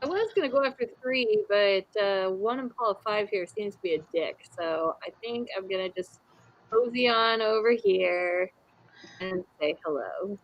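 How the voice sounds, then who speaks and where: A woman's voice: medium pitch, normal speed, lo-fi sound. A woman playing a tabletop game, joking around and laughing often. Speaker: player. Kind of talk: casual game table chat.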